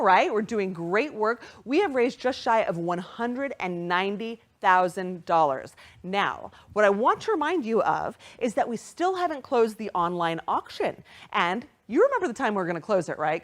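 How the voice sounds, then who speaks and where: A young woman hosts a live online fundraiser, thanking donors by name in a bubbly, upbeat patter. Her voice swoops up and down with lively animation. She sits at a middle pitch for a woman. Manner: upbeat, animated, bursts of excited squeals at donations. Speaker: virtual gala host.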